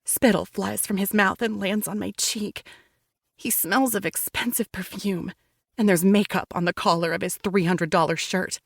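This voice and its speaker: A woman's voice: mid-range voice, steady tone, normal speed, creaky, breathy edge, no room sound, clean studio sound. Woman narrating a dramatic audiobook. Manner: dramatic, intense reading. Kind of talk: first-person romance audiobook narration.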